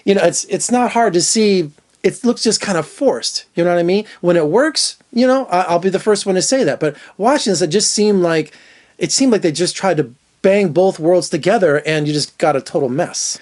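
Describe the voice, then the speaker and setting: A man's voice: high voice, animated, normal speed, a little mellow. A man giving a casual, opinionated movie review as a film critic, talking loosely with lots of fillers and restarts.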